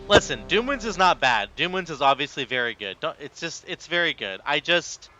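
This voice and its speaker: Brief: male gamer narrating his own play, lively exclamations, bright and slightly high voice. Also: moderate pace, lo-fi sound, faint music behind. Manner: animated, exclamatory, self-mocking. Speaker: gaming content creator. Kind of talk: live gameplay commentary.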